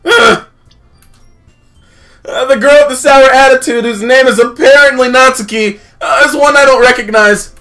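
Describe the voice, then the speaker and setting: Male streamer, very high bright voice, rambling comic narration. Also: fairly even intonation, brisk, hardly any pauses, faint music behind. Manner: rambling, filler-heavy, jokey, self-interrupting. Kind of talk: comedic game read-through.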